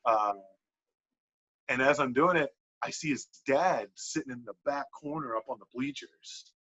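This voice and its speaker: A man on a podcast telling a wrestling story in casual, animated talk, swearing a lot and filling with "like". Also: mid-range voice, measured pace. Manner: animated, profane, lots of "like" fillers. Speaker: podcast guest, pro wrestler. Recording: dull lo-fi podcast audio.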